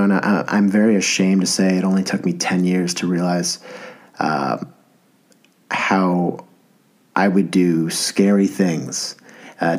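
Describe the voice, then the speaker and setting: A man in his thirties hosting a podcast, rambling in an enthusiastic, self-deprecating way. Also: deep voice. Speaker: podcast host. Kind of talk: casual podcast monologue.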